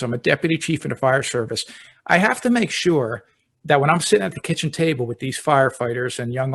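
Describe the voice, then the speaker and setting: Relaxed middle-aged podcast host. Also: male voice, a little high, gravelly. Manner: relaxed, talks through anecdotes step by step. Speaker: podcast host, deputy fire chief. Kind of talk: conversational storytelling.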